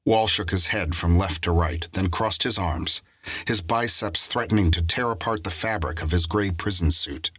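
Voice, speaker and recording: Reading a crime novel aloud, a man delivers scripted audiobook narration steadily and at a moderate pace. The sound is close and dry with no room sound, carrying his very low, husky voice.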